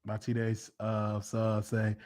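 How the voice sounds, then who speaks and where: A man hosting a casual livestream chat, teasing his viewers in an animated, repetitive, slangy way. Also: lowish voice, slow pace. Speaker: host.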